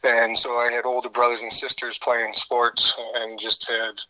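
Casting: middle-aged man from Connecticut, guest in a casual interview, sharp bright tone, lots of hesitations. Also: mid-range voice, completely flat delivery, rough recording. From Connecticut, USA. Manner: unhurried, many filler pauses.

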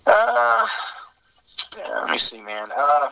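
A man's voice: a little high, wildly swooping pitch, slow, creaky, bright, forceful tone. A man telling fraternity-days stories in a rambling, laid-back way, heard over a muffled remote line. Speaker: interview guest. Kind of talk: casual storytelling.

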